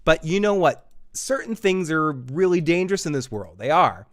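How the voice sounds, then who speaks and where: A man's voice: fairly high pitch, big pitch swings, normal speed. A man hosting a live podcast, loose and jokey, laughing often and tripping over his words. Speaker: podcast host.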